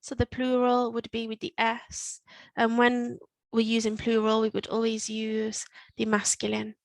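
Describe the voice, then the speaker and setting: A woman teaching Spanish to learners, repeating phrases slowly and explaining them step by step. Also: a little high, completely flat delivery, dry recording, poor audio. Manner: slow, careful modelling of Spanish phrases. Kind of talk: recorded language lesson.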